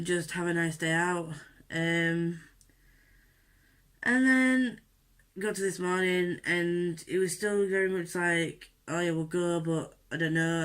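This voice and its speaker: A woman's voice: on the low side, fairly bright tone. A woman vlogging at home while doing her makeup, telling an upsetting story candidly and indignantly with lots of fillers. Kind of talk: unedited get-ready-with-me rant.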